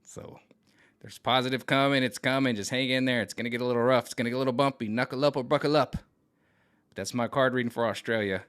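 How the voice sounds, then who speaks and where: A man's voice: mid-range voice, steady tone, quick pace, a bit bright, clear, resonant tone. A man giving a casual tarot card reading to his viewers, talking in a rambling, repetitive and emphatic way with many restarts. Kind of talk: casual spiritual vlog reading.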